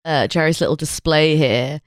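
A woman co-hosting a podcast, chatting casually with wry, deadpan asides. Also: sits low, moderate pace, no room sound, studio quality. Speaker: podcast co-host. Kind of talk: casual chat.

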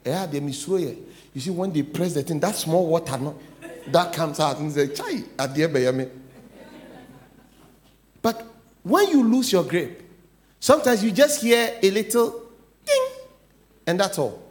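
Middle-aged Ghanaian pastor, lively sermon delivery, light high-set voice. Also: male voice, normal speed, long pauses, a little hiss or hum. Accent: Ghanaian English. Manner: animated preaching, swings from low asides to loud declarations.

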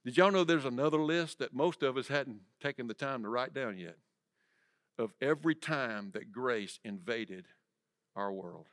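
A man preaching a sermon in church, swinging from loud to hushed and asking the congregation direct questions. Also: medium pitch, normal speed. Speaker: pastor. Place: church sanctuary.

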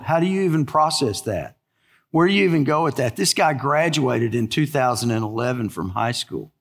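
A man's voice: medium pitch, fairly bright tone, long reverb tail. A man preaching a sermon as pastor, telling stories in a conversational way and stretching words for emphasis.

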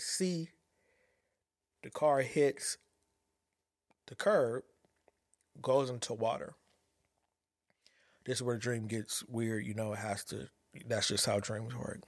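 A man recounts a personal experience of anxiety and a dream, often pausing and starting over as he hunts for words, with many fillers and a reflective tone. His pitch is ordinary and mid-range. The recording is dry and close, without any room echo.

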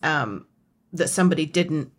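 A woman's voice: deep voice, expressive, moderate pace, breathy edge. A woman from England with a Somerset accent, co-hosting a podcast in casual chat and laughing often. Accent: Somerset English. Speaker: podcast co-host.

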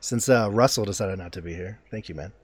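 A man's voice: on the low side, quick pace, a little hiss or hum. A man hosting a podcast in a casual, jokey chat, laughing often. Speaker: podcast host.

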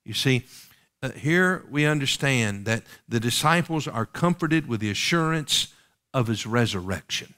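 A man's voice: mid-range voice, lively intonation, measured pace, bright, forceful tone. A man preaching a sermon, reading King James scripture aloud and pressing the congregation with rhetorical questions.

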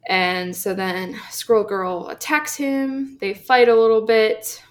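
A woman co-hosting a podcast, casually retelling a comic book story with lots of fillers and quick acted-out quotes. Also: medium pitch, steady tone. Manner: chatty, filler-heavy, acts out quotes. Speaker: podcast co-host.

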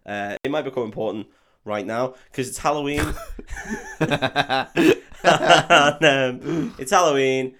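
A man's voice: medium pitch, slow pace, long pauses, fairly bright tone. A man co-hosting a podcast, recapping a film in casual, rambling, sweary chat and laughing often. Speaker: podcast co-host.

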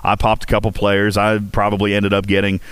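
Man, gaming chat host, rambling, jokey, low voice, dry close sound. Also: monotone, fairly quick, a bit bright, clear, resonant tone, no echo. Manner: chatty, jokey, heavy fillers and restarts. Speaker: host of a game community voice chat. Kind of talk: casual rambling talk to listeners.

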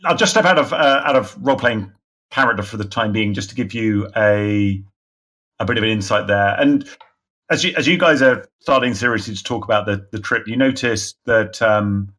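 A man's voice: lowish voice, normal speed, a bit bright. A man running a tabletop role-playing game, narrating and explaining rules with frequent hesitations. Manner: rambling, hesitant, laughs often. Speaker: game master.

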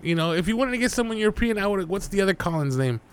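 A man chatting casually with friends, animated and quick to suggest names. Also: sits high, smooth. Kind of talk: casual chat.

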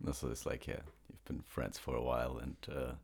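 A man's voice: rumbling low, flat delivery, brisk, gravelly. A man co-hosting a casual comedy podcast, making dry, teasing remarks. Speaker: podcast co-host.

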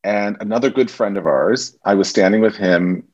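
A man, a stage actor and teacher, telling animated anecdotes as a podcast guest. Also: on the low side, normal speed, lo-fi sound. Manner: animated anecdotes, acts out quoted voices. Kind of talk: casual interview storytelling.

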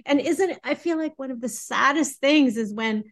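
A woman's voice: high voice, moderate pace. A woman hosting an interview who speaks in an effusive, affirming way. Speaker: host. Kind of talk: interview conversation.

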